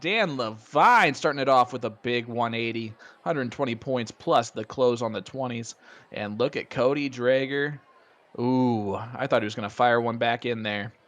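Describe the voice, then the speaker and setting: Male darts commentator, Hoosier accent, chatty, excitable, laughs easily. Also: medium pitch, moderate pace. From Indiana. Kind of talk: live sports commentary.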